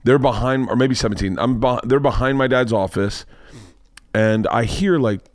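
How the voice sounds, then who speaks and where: A man hosting a podcast, telling a story in casual chat, profane and animated, acting out the people in it. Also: fairly low pitch, a little fast, dry recording, studio quality. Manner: profane, animated storyteller who acts out voices. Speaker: podcast host.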